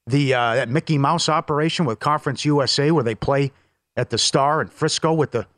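A man co-hosting a sports betting show from a casino studio, brisk and opinionated, rattling off records and stats. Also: medium pitch, fairly bright tone, no room sound. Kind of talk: casual sports talk.

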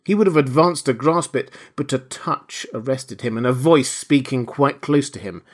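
Man, audiobook narrator, scripted narration, measured, mid-pitched.

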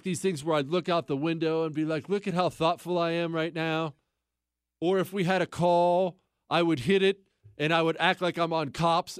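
A man with a slightly high voice spins a comic story in a casual podcast style. He talks in an animated, sardonic way, teasing himself with quick asides. The sound is dry and close to the microphone. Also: clean tone, no room sound. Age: adult. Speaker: podcast host telling a story.

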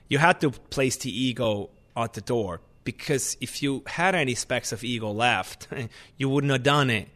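A man, a chef, telling stories in a lively conversational way, often restarting his sentences. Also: medium pitch. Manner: animated, restarts often, acts out kitchen shouting. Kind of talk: conversational storytelling.

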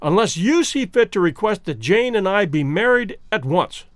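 An anxious, persistent suitor pleads his case in an earnest, high voice, as a male audiobook reader plays him. His pitch rises and falls with urgency. The sound is close and dry. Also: big pitch swings, normal speed, no room sound. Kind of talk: audiobook character voice.

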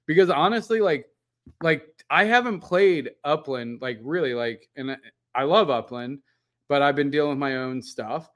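A man co-hosting a podcast in casual chat, telling a long animated story full of "like" and casual swearing. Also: a little high, moderate pace. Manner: animated, rambling storyteller with lots of "like". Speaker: podcast co-host.

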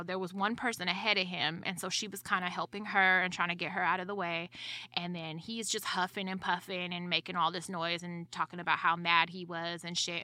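A young adult woman telling a story with heavy swearing in a casual podcast chat, animated in her storytelling. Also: fairly low pitch, no echo.

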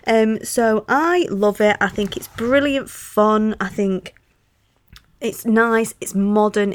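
A woman in her thirties chats as a podcast host, passionate and quick to laugh. Her voice sits at an ordinary middle pitch. It is recorded close on a microphone in a dry, dead room. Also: dry recording. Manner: impassioned and chatty, laughs often. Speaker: podcast host reviewing knitting patterns. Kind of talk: casual solo podcast chat.

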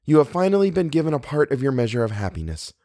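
A man's voice: mid-range voice, very animated, quick pace, warm tone, no room sound, clean studio sound, pitched above the performer's own voice. Man voicing Eleanor, a dreamy young woman.

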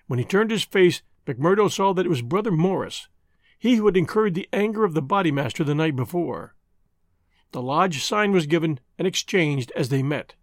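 Male audiobook narrator, slightly high voice, very animated delivery. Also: no echo, studio quality. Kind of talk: scripted narration.

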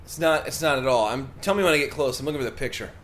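A man's voice: mid-range voice, rapid-fire, fairly bright tone, a little hiss or hum. A man co-hosting a comedic talk show, joking and egging on his partner. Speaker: podcast co-host. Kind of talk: comedic banter.

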